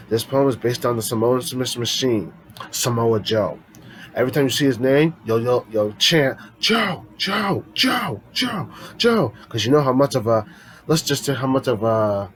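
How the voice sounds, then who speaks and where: A man's voice: mid-range voice, a little hiss or hum, low-quality recording. A man casually reading his own poems to viewers, rambling and often restarting sentences. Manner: rambling, with frequent restarts and self-corrections; chatty, speaks directly to viewers as friends. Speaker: poetry vlogger.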